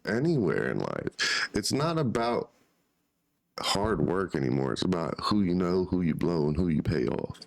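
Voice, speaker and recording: A man co-hosting a reaction show, chatting casually and offering dry, deadpan counterpoints. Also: sits low, normal speed, vocal fry. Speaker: co-host.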